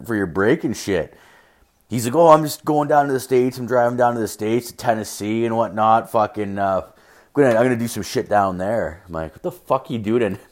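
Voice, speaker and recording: A rowdy young man from Canada tells a story on his podcast, swearing constantly and playing out both sides of the exchange. His voice sits a little low, and he talks in a loose, casual way. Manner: profane, rowdy, acts out both sides of dialogue. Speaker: podcast host.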